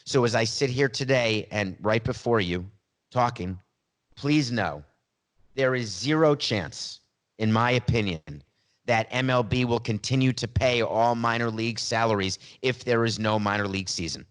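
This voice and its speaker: A man's voice: medium pitch, normal speed. A man hosting a solo podcast monologue, emphatic and opinionated, with self-deprecating asides, on a studio mic. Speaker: podcast host.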